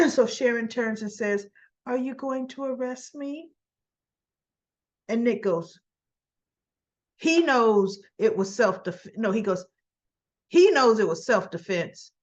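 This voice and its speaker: A woman hosting a casual recap, retelling scenes in a chatty way with quoted lines and her own asides. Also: a little high. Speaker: soap opera recap host.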